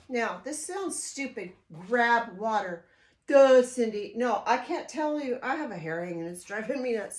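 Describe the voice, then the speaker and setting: An older woman vlogging casually at home, chatty and emotional, rambling with frequent restarts. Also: a little high. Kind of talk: casual vlog talk to camera. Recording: echoey room.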